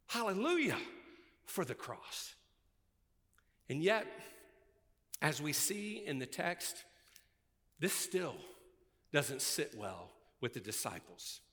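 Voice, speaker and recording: A man preaching a sermon, swinging from loud, emphatic preaching to hushed, intense passages. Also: on the high side, big pitch swings, slow pace, pauses often, long reverb tail. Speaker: pastor.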